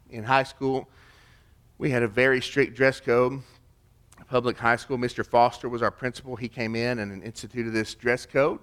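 A man preaching a sermon, emphatic, swinging between loud declarations and hushed, quiet stretches. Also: mid-range voice, flat delivery, normal speed, smooth. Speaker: pastor.

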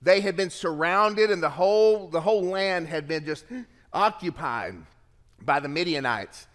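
A man preaching a sermon as pastor, reading scripture aloud with lively shifts of pace and emphasis. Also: on the high side, measured pace, in a large hall.

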